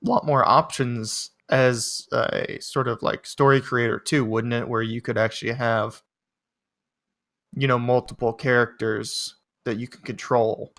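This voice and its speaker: A man's voice: medium pitch, fairly even intonation, unhurried, a bit bright. Man musing aloud on a podcast. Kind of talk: casual chat.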